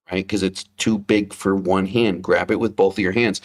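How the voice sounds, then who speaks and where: A man in his thirties, a father and podcast co-host, speaks candidly on a casual livestream talk show, swearing often and repeating himself as he tells stories. His voice is fairly low with fairly even intonation, a moderate pace, and few pauses.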